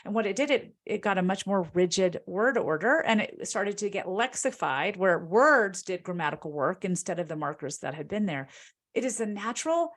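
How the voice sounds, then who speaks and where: Animated woman linguist explaining. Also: mid-range voice, moderate pace. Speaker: linguist and author answering audience questions. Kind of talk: lecture-like Q&A answer.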